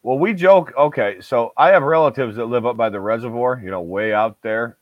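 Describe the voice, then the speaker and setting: A man's voice: mid-range voice, brisk, dry recording. A man with a Binghamton-area upstate New York accent, talking in a rambling, self-correcting way. The audio is dull and lo-fi. The room sounds dry and close. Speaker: podcast co-host. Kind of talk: casual chat.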